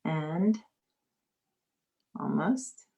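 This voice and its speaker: A woman hosting an online group singalong over a video call, greeting people quickly and giving announcements in an upbeat, casual way. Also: low-pitched, creaky, dark tone.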